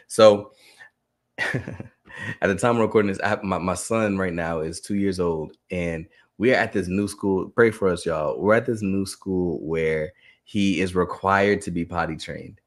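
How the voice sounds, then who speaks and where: Lively low-voiced man telling stories. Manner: animated storytelling, laughing often. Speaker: educator and speaker. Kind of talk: live online talk to teachers.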